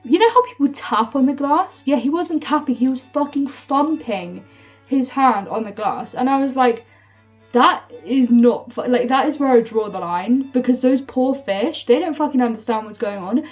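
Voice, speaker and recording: A young woman telling a storytime vlog, swearing freely and filling her talk with "like", heated and animated. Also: sits high, moderate pace. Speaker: storytime vlogger. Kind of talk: casual storytime rant. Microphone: phone. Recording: phone mic from a distance with faint music.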